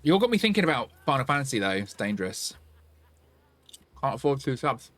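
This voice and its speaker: A man streaming a game and chatting casually with his viewers, reacting out loud with sing-song asides. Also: medium pitch, big pitch swings, fairly quick, no echo. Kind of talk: casual chat while gaming, answering chat.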